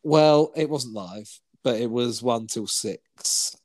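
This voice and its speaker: A man's voice: medium pitch, slow pace, a little mellow. A man, co-hosting a podcast and telling rambling stories in casual chat, swearing now and then and acting out what people said. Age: 40s. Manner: rambling storyteller, swears, acts out quoted lines. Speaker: podcast co-host.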